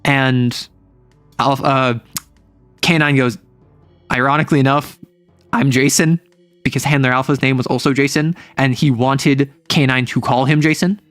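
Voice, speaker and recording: A man's voice: mid-range voice, steady tone, moderate pace, fairly bright tone, dry recording, soft background music. A man streaming as a game master, casually and animatedly retelling a tabletop game session in a rambling way.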